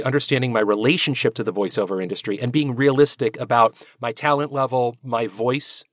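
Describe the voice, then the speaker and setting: An American man chatting openly about his voice work, quick with self-deprecating asides. His voice sits at an ordinary middle pitch, and the recording is close and dry with no room sound. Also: a bit bright, no room sound. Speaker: voice actor guest. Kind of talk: casual interview chat.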